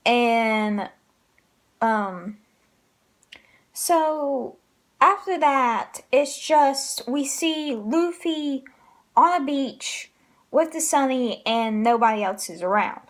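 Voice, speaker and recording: A woman with a high voice gives a casual spoken review of manga chapters. She talks slowly and rambles, full of ums and likes, and she laughs often. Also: animated.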